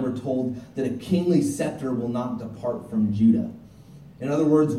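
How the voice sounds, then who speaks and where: A man's voice: mid-range voice, mellow, a little hiss or hum. A male pastor giving a sermon in a conversational way, with restarts and asides, recorded from a distance in a church. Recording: roomy, from a distance.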